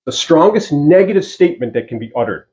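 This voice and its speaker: A man preaching a sermon as pastor, emphatic, slowing down to stress key phrases and putting rhetorical questions to the congregation. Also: on the high side, lively intonation, mellow.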